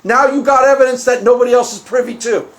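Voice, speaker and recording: A man hosting his own video, arguing a point in an animated monologue and acting out bits of dialogue. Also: extremely high pitch, quick pace. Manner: animated, acts out quoted dialogue. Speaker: video host. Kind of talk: argumentative monologue.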